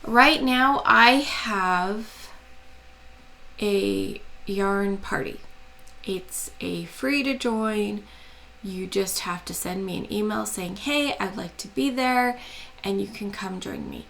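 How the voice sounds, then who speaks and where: An American woman hosting a crafting channel, chatting casually and hesitantly to camera in a soft, quiet voice with a gravelly edge and frequent ums. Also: mid-range voice, expressive, rough recording. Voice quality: gravelly, slow and soft-spoken.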